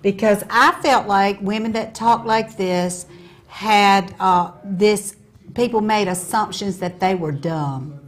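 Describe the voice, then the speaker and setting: A woman's voice: mid-range voice, slow. A woman with a Southern accent, co-hosting a chat show and talking in a chatty, reflective way. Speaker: co-host. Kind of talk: casual talk-show chat.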